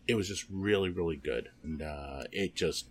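A man talking casually on a podcast, halting and full of ums and restarts. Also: sits low. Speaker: podcast guest.

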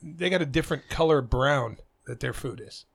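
A man's voice: medium pitch, normal speed, creaky, husky. A man co-hosting a podcast, teasing and telling jokes he laughs at himself. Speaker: podcast co-host. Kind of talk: casual profane chat, joke telling.

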